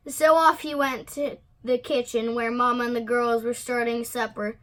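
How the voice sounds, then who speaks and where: A woman reading a children's picture book aloud in an expressive way. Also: on the high side, unhurried, few pauses. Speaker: storybook reader.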